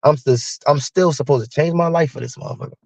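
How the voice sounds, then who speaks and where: A man's voice: fairly high pitch, quick pace, vocal fry, no echo. Heated, profane man ranting. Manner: profane, heated, animated storytelling. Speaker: live streamer. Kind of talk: ranting monologue.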